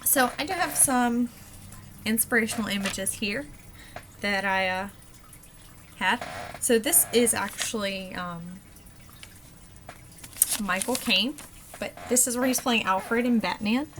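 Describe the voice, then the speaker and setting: A woman giving a class presentation on a dialect, hesitant and filling pauses with frequent ums. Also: fairly high pitch, noisy background. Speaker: student presenter.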